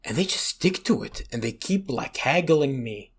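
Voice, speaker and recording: A man's voice: on the high side, expressive, moderate pace, husky. A young man from Iraq co-hosting a podcast, telling stories in a rambling, swear-filled way and leaning on "you know". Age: young adult. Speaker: podcast co-host. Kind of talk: casual chat.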